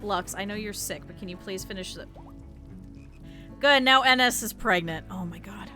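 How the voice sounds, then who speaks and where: A woman's voice: mid-range voice, normal speed, bright, forceful tone, faint music behind. A young woman streaming a video game, chatting casually with her viewers and swearing in exasperated bursts at the game. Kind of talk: casual gameplay commentary.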